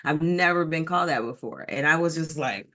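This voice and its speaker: A woman's voice: sits low, a little fast. Frank woman telling a personal story. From Detroit, Michigan, United States. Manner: frank, animated, with frequent ums and likes. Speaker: diversity and inclusion coach, guest. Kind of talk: candid personal storytelling in an interview.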